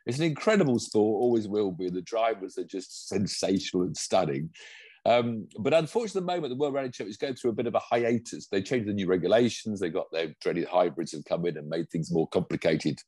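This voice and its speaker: Low, mellow man rambling enthusiastically. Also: expressive, quick pace, breathy edge, no room sound. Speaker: podcast co-host and pundit. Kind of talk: casual chat.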